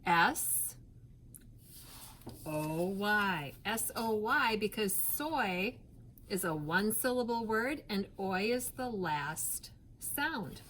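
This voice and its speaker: A woman teaching a phonics lesson to young children, patient and clear, stretching out sounds and spelling letters one by one. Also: mid-range voice, expressive, extremely slow, a bit bright, slight background noise.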